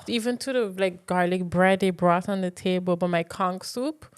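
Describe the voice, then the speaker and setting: Relaxed woman co-host telling a food story. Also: fairly low pitch, moderate pace, clean tone. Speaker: podcast co-host. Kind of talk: casual chat. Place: indoor podcast studio.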